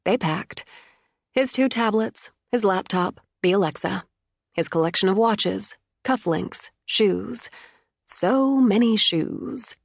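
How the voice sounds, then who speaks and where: A woman's voice: medium pitch, slow pace, vocal fry, dry recording. Woman narrating an audiobook, dry close sound.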